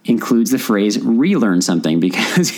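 A man's voice: on the low side, very animated, moderate pace, low-quality recording. A young man co-hosting a podcast in casual chat. He teases his co-host and laughs often.

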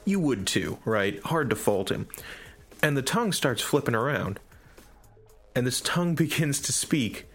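A man co-hosting a podcast in casual chat, retelling a story with animated enthusiasm. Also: mid-range voice, unhurried, slightly rough, faint music behind. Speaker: podcast co-host.

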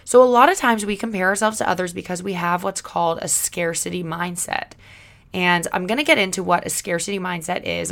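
Young woman with a creaky, chatty voice. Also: lowish voice, fairly bright tone. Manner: chatty and emphatic, many "like" fillers. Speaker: self-help vlogger. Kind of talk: motivational self-help talk.

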